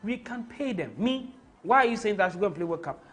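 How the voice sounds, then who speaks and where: A man's voice: sits high, lively intonation, quick pace, a bit bright. A man with a Ghanaian accent hosting a live football stream, talking in an impassioned, rambling way and slipping into Twi. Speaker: host.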